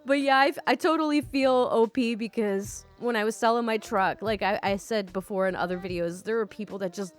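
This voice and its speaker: A young woman hosting a storytime channel, reading online stories aloud and commenting in a giggly, animated, casually sweary way. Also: medium pitch, fairly quick, hardly any pauses. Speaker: storytime YouTube host. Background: faint background music.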